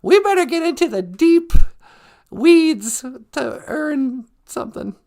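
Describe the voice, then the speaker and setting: A squeaky, giddy trickster spirit chirps and giggles his way through a live stream chat, pitched far above an ordinary voice and swooping all over the place. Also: animated, takes it slowly, gravelly, darkish tone, heavily acted. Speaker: co-host character.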